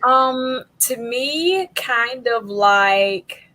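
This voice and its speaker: A woman hosting a podcast in casual interview chat, chatty and quick to laugh, acting out little quotes as she tells stories. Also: fairly high pitch, animated, sharp tone, rough recording. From southern United States. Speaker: podcast host.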